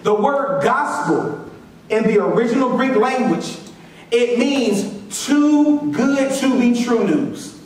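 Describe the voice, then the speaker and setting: Male pastor, preaching, call-and-response, repeats key lines, very high voice, heavy church echo. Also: animated, takes it slowly, a little mellow, distant mic. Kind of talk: sermon. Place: church sanctuary.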